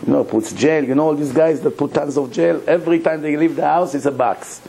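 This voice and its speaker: Animated storytelling rabbi, high voice. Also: male voice, brisk, creaky, rough recording. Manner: animated, acts out both sides of a dialogue; laughs between lines. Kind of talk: storytelling sermon.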